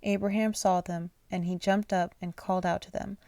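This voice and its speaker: A woman's voice: on the low side, level tone, normal speed, no room sound. A woman reading a children's bedtime story aloud, sleepy and apologetic, stumbling over names and restarting lines. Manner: gentle, unpolished reading with restarts. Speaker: channel host reading aloud.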